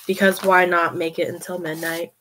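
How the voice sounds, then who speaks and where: A woman's voice: on the low side, little pitch movement, moderate pace, background noise. Chatty woman hosting a late-night live. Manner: chatty, laughs often, talks to her cat. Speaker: livestream host. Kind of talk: casual chat reading live comments.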